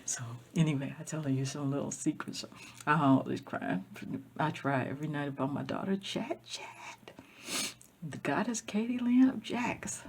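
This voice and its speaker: A woman vlogging a rambling, emotional personal monologue, tearful and repetitive, dropping from loud outbursts to near-whispers. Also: deep voice, moderate pace, slight background noise.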